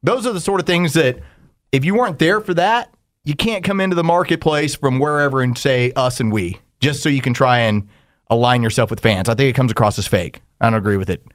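A man co-hosting a sports talk show, launching into stories and putting on other people's voices as he tells them. His pitch sits in the ordinary middle range for a man. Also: a little fast, no room sound, studio quality. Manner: storytelling, emphatic, fond of acted quotes. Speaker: radio show co-host. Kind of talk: casual sports radio chat.

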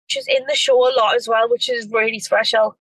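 Give me an effusive woman, slightly high-pitched, recorded dry and close. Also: sing-song, brisk, a bit bright, no echo, low-quality recording. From North East England. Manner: effusive, gushing, lots of restarts. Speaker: reality TV star guest. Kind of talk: casual chat.

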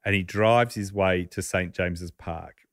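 A man's voice: deep voice, measured pace, fairly bright tone, dry recording, clean studio sound. A man hosting a podcast, telling a story in a casual, chuckling, conversational way.

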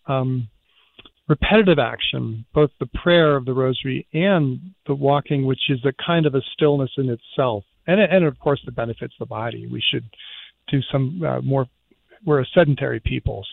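A man speaking as a priest guest on a radio talk show, earnest and reflective, with a gravelly voice. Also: mid-range voice, a little fast, slight background noise. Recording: tinny phone line.

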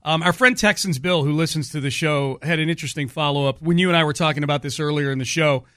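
A man hosting a casual sports radio show, quick-talking and joking, on a studio mic. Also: a little high, pushed and bright, no echo. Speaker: sports talk show host.

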